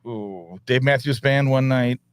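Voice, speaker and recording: Man, co-host, mid-pitched voice, chatty storyteller, self-deprecating, casual podcast. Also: a little slow, smooth. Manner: chatty storyteller, jokes about himself.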